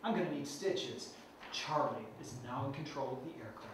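A man's voice: medium pitch, animated, moderate pace, lightly acted. A man reading the part of a wounded male head flight steward, formal and recited. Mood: urgent. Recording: echoey room, distant mic, noisy.

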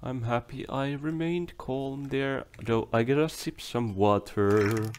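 A man's voice: mid-range voice, slow pace, a little mellow, slight background noise. A young man giving rambling let's play commentary as he plays, talking to himself and swearing when things go wrong. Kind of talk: game commentary.

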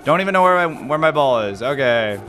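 A man giving casual gameplay commentary, jumpy and excitable, yelping and muttering to himself. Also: mid-range voice, a little fast, faint music behind. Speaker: gaming video host.

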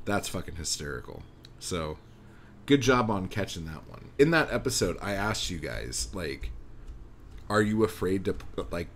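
Man, very deep voice, podcast host, casual and profane, pep-talk tone, faint background hiss. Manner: profane, blunt, encouraging. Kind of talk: casual solo podcast chat.

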